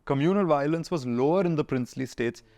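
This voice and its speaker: A man, telling history stories in an interview and acting out the people he quotes. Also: on the high side. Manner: fast, animated storyteller acting out quoted figures. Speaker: historian guest. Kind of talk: conversational storytelling interview.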